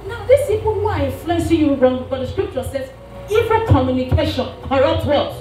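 A woman's voice: high-pitched, lively intonation, brisk, mellow. A woman preaching a sermon, asking the congregation to finish her lines. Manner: call-and-response, asks the congregation to finish lines. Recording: echoey, from a distance, with faint music.

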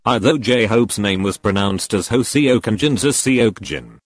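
Low, emotionless text-to-speech man. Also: unhurried. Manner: emotionless, flat synthetic delivery. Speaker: YouTuber reacting to fan confessions. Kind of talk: reading and reacting to confessions.

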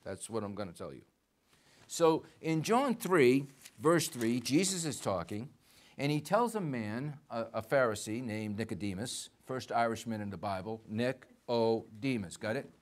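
A male pastor preaching a sermon in a church, lively and conversational, acting out short bits of dialogue and putting questions to the congregation. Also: mid-range voice, a little slow. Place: church sanctuary.

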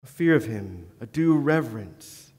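A male pastor gives an earnest sermon in a church sanctuary, occasionally poking fun at himself. His medium-pitched voice is husky, a little mellow, animated and a little slow, and long church-hall reverb fills the recording.

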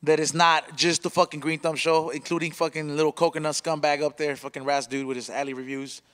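A man hosting a casual podcast, loud and excitable, swearing freely as he rants. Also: fairly high pitch, fairly quick. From Salvadoran family. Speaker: podcast host. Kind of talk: casual profane podcast banter.

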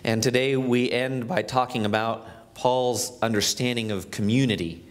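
A man stands in a church and preaches in a relaxed, conversational way. His voice sits in an ordinary middle range. He wanders into little asides and restarts, then settles into reading scripture aloud. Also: medium pitch, normal speed. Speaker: pastor. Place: church sanctuary.

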